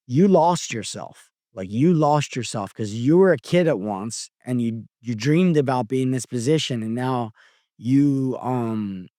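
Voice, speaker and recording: Philly man in his 40s, podcast guest, humble and rambling, mid pitch, dry close mic. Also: lively intonation, unhurried, warm tone, no room sound. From Philadelphia. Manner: reflective, humble, with frequent "like" and "dude" and restarts. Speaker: guest, former pro fighter. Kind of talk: candid podcast conversation.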